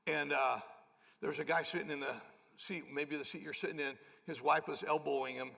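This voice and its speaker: Gravelly pastor in a reverberant church hall. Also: male voice, on the high side, brisk. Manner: acts out quoted people with lively shifts. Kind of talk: sermon storytelling. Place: church auditorium. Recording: large hall with long reverb.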